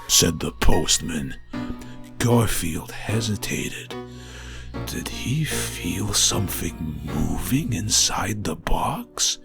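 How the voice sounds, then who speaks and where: Slow dramatic man reading a scary story. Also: sits low, expressive, gravelly, over music. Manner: dramatic, builds tension, rising to near-shouting at scary moments.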